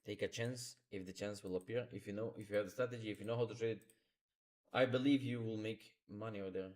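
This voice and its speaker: A man's voice: on the low side, steady tone, quick pace, darkish tone. Man talking through charts live. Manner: instructive, repeats phrases, non-native grammar. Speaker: trading streamer. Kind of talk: live market commentary.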